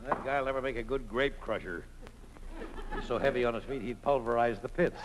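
A man playing a shady, fast-talking dance professor in a 1940s radio comedy, with wisecracking, giggly patter. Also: mid-range voice, heavy background noise, lightly acted.

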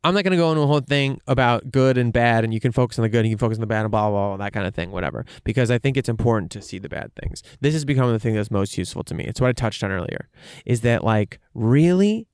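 A man's voice: medium pitch, quick pace, clear, resonant tone, no room sound, clean studio sound. A man talking candidly in a casual monologue, rambling with fillers and frequent swearing.

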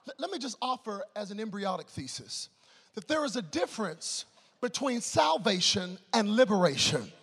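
A man preaching a sermon, telling a humorous story and swinging between loud excitement and hushed tones. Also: high voice, normal speed, breathy edge, big-room sound.

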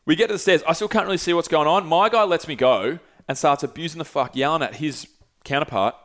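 A young man casually telling a long travel story, animated and swearing freely. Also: a little high, fast talker. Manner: animated, swears freely, acts out quoted voices. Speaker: podcast host.

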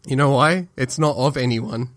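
A man's voice: mid-range voice, moderate pace, dry recording, studio quality. Teasing man telling a story. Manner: storytelling, teasing the others with trick questions. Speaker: podcast co-host. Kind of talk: casual chat.

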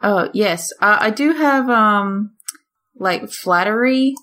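Woman player, slow and hesitant, giggly, mid-pitched voice. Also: sharp tone. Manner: hesitant, many ums, giggly. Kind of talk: tabletop game play.

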